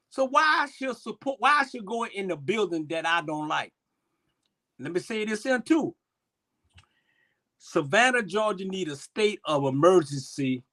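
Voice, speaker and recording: A man on a casual live-stream talk show, emotional and impassioned, his voice swinging between loud and soft. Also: sits high.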